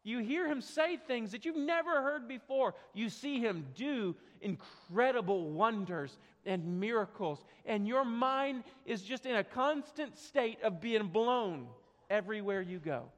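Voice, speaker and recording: A man preaching a sermon, telling a story with dramatic swings from quiet to loud, in a church sanctuary. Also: extremely high pitch, animated, a little slow. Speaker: pastor. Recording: long hall reverb.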